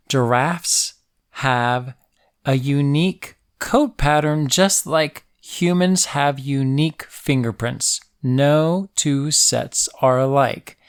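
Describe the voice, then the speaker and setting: A man's voice: medium pitch, gravelly. A man hosting a children's nature and science podcast, explaining facts in a playful, jokey way and asking the listener questions. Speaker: host of a kids' science podcast. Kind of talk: educational narration for children.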